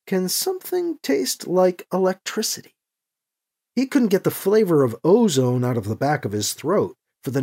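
A reader narrating a novel with expressive storytelling. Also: vocal fry, slightly rough. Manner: expressive storytelling with wide pitch swings. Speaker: audiobook narrator. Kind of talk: scripted narration.

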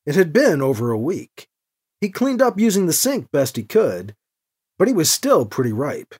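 An audiobook narrator reading with expressive storytelling. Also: mid-range voice, moderate pace, slightly rough.

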